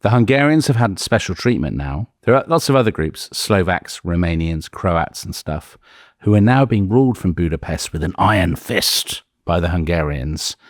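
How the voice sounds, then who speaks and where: A man tells a history story in a casual, animated way. His voice sits very low. The sound is dry and close, with no room echo. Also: moderate pace. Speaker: podcast co-host.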